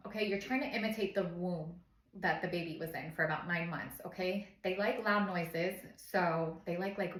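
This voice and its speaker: A woman in her thirties talks through a how-to in a casual, chatty way, now and then asking "okay?" She sits in an echoey room at home, and her voice sits at an ordinary middle pitch. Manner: chatty and instructive, often checks in with "okay?"; softly shushes and imitates baby cries while demonstrating. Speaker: parenting vlogger.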